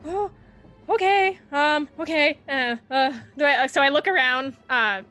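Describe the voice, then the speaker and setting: A woman playing a tabletop game who talks in a hesitant, halting way full of fillers. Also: high-pitched, pushed and bright, soft background music. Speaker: player. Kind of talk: casual tabletop play.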